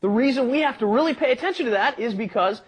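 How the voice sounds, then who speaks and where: A man's voice: very high voice, expressive, fast, breathy edge. A man co-hosting a casual language lesson, explaining grammar with acted examples. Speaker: co-host teacher.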